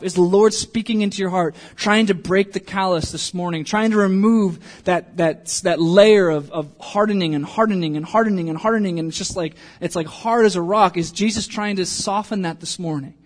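A man preaching a sermon in church with a fairly high, light voice. He speaks earnestly, voicing the thoughts of his listeners as he goes. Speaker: pastor.

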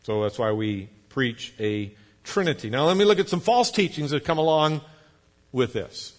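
A pastor preaching a sermon, explaining patiently, spelling out words, with light jokes for the congregation. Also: male voice, medium pitch, expressive, normal speed. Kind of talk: sermon teaching.

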